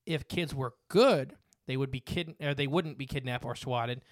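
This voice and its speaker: A man's voice: medium pitch, normal speed, dry recording. Podcast guy reading lore off notes, lots of uh and restarts, dry close sound. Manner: reads notes with fillers and restarts. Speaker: podcast host. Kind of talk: casual podcast chat.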